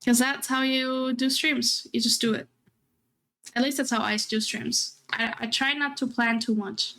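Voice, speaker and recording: A woman's voice: a little high, fairly even intonation, a little slow, pushed and bright. A young adult woman streaming, chatting casually and rambling, often laughing as she talks. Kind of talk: casual chat.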